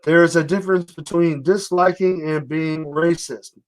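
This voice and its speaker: A man's voice: a little high, steady tone, normal speed. A man giving casual, blunt commentary on news clips, rambling with fillers.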